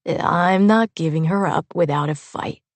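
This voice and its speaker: A woman voicing a calm, folksy armed man who speaks plainly and unhurriedly in a storybook reading. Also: on the low side, normal speed, no echo, lightly acted. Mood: steady, unbothered.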